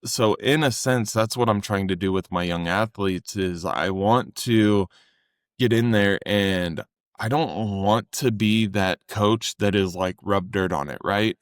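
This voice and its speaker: Earnest low-voiced man on a dry podcast mic. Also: dry recording. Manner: earnest, conversational, acts out quotes with raised voice. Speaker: fitness coach and podcast co-host. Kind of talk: casual podcast chat.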